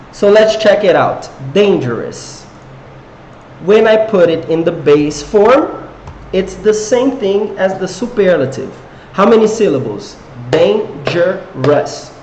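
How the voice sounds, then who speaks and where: A man's voice: a little high, a little mellow, echoey room, a little hiss or hum, poor audio. A man teaching an English grammar lesson to viewers, encouraging them and quizzing them with questions. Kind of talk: live online English lesson.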